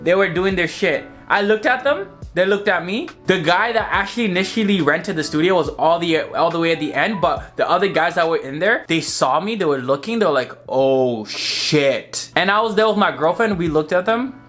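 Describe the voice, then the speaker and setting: A young man tells a story on his vlog in a high voice, animated and exasperated and swearing freely. Faint music plays softly underneath. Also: fairly quick, hardly any pauses. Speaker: photographer and vlogger.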